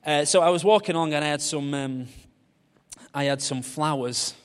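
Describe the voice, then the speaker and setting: A man's voice: a little high, moderate pace, clear, resonant tone. A man, preaching a humorous, story-led sermon. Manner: humorous storytelling, animated voices for quoted people. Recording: long reverb of a large hall.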